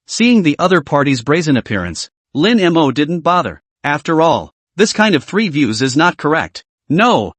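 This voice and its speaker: A man's voice: on the high side, big pitch swings, normal speed, fairly bright tone, no room sound. A man narrating a story recap, reading all the dialogue in the same narrating voice.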